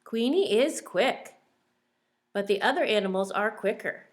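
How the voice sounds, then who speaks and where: Slow, gentle woman teacher reading aloud. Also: medium pitch, animated. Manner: gentle, questions to the children. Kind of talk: reading a picture book to young children.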